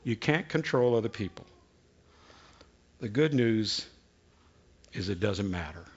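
A man pastor giving an unhurried, folksy sermon with prayer and jokes, often repeating words as he starts a sentence. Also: lowish voice, animated, slightly rough, lo-fi sound. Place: church sanctuary.

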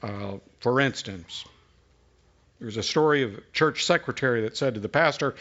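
A man pastor giving an unhurried, folksy sermon with prayer and jokes, often repeating words as he starts a sentence. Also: medium pitch, a bit bright, lo-fi sound. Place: church sanctuary.

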